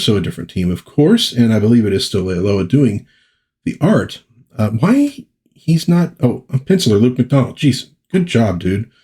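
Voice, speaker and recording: A man's voice: on the low side, warm tone, breathy edge. A man chatting casually through a comic book review, rambling and correcting himself as he goes.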